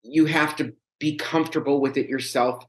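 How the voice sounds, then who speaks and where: A man in a relaxed podcast chat, telling a long personal story with energy. He talks in quick bursts and restarts, mid-range in pitch, with a loose, conversational flow. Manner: animated, chatty, rambling with restarts. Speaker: podcast guest.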